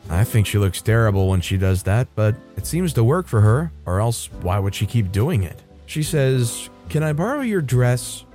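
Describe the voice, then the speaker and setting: A man reading an online story aloud in first person, in a steady, matter-of-fact way. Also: fairly low pitch, moderate pace, hardly any pauses, soft background music. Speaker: story narrator. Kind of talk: scripted narration of a reddit story.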